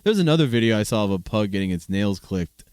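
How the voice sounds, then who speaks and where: A man's voice: on the low side, animated, quick pace, darkish tone, clear, resonant tone, no room sound, studio quality. Rambling amused podcast guy. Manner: rambling and amused, with many restarts and chuckles. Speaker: podcast host. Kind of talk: solo casual podcast chat reacting to videos.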